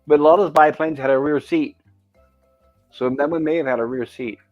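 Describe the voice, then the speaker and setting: A man's voice: fairly high pitch, a little fast, dull audio, faint music behind. A man hosting a casual commentary on an old TV episode, describing the scenes and reading quoted lines aloud. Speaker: show host.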